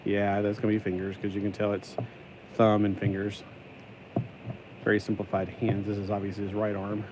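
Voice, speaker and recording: Male hobby vlogger, low-pitched, chatty rambling build commentary over steady background noise. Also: normal speed. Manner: rambling, talks to himself, sings and jokes while building; puts on a stuck-in accent today. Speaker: YouTuber building a LEGO set.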